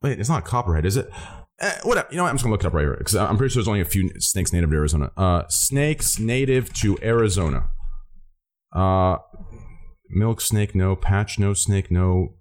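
A man's voice: on the low side, animated, a little fast, a little mellow. An American man hosting a charity stream, reading out donations with profane joking banter and many fillers. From United States.

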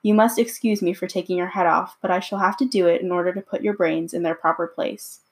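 A woman's voice: on the low side, steady tone, brisk, lightly acted. A woman voicing a courteous little male wizard in a storybook reading, slightly raised above her narration. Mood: polite. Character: fussy little male wizard, polite and reassuring.

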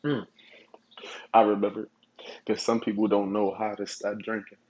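A man hosting his own podcast, telling stories in a relaxed, profane way and chuckling often. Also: on the low side, normal speed, muffled recording, slight background noise. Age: adult. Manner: laid-back, profane storytelling with chuckles. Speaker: podcast host. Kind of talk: casual solo podcast monologue.

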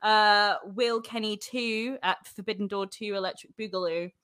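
A woman's voice: medium pitch, fairly even intonation, normal speed, fairly bright tone, smooth, no room sound, clean studio sound. A young woman co-hosting a podcast, chatting casually, teasing and laughing often. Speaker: podcast co-host. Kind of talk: casual chat.

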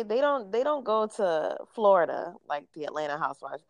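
A woman's voice: mid-range voice, sing-song, fairly quick, no echo. A young adult woman co-hosting a podcast, gossiping in a blunt, sassy way. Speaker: podcast co-host. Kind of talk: casual chat.

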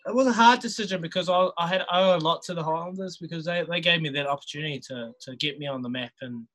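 Laid-back New Zealand man in his thirties, bright and a little high, easygoing podcast guest. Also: fast, low-quality recording. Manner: laid-back, chuckles often, many restarts. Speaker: podcast guest, rugby player. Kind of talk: casual storytelling chat.

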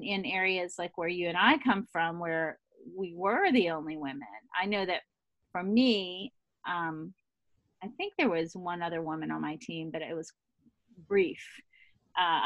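A woman's voice: fairly low pitch, normal speed, no echo. A woman hosting a podcast, asking questions and affirming her guest's answers. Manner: warm, affirming questioner with fillers. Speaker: podcast host. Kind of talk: conversational interview.

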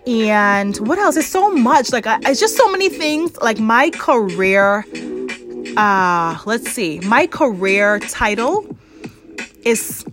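Effusive chatty woman podcaster over music. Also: medium pitch. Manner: effusive, chatty, lots of "like" fillers. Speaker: podcast host. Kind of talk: casual solo podcast monologue.

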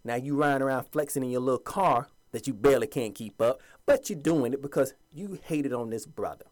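A man's voice: medium pitch, a little fast, a little mellow. A man giving an impassioned, preachy monologue to his viewers, sometimes mocking the voices of other people. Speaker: commentator addressing viewers.

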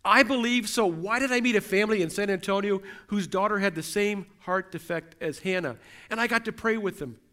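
A man's voice: high voice, a little fast, few pauses, sharp tone. A middle-aged man preaching a sermon as pastor, earnest and building through repeated questions. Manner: earnest, repetitive rhetorical questions.

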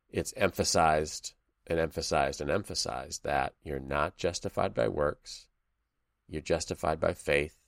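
A man's voice: very deep voice, vocal fry, no room sound, clean studio sound. A man hosting a conversational Bible study, thoughtful, reading passages aloud between fillers. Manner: thoughtful, reads scripture aloud, many fillers. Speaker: podcast host leading Bible study. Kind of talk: casual conversational Bible discussion.

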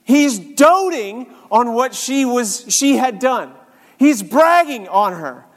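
A man preaching a sermon, moving between quiet scripture reading and fervent, exclaimed prayer. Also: extremely high pitch, very animated, takes it slowly, in a large hall.

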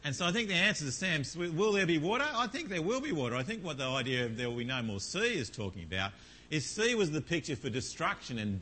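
A man's voice: a little high, pushed and bright, slight background noise, poor audio. A man preaching a sermon and leading a prayer in church, chatty and full of rhetorical questions to the congregation.

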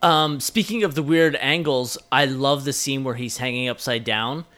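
Bright-voiced, enthusiastic male podcast host. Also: mid-range voice, moderate pace. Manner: enthusiastic, swears freely. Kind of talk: casual chat.

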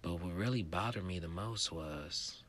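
A man hosting a show, telling a profane story with lively voices, shouting high when he acts out scenes, and turning calm and reflective later. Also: measured pace, slight background noise. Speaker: comedian host. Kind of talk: stand-up storytelling.

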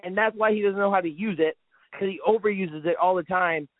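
High-voiced man ranting over a thin line. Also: brisk, dry recording. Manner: heated, profane ranting. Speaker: podcast co-host. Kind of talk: casual sports chat. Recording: dry, phone-like sound.

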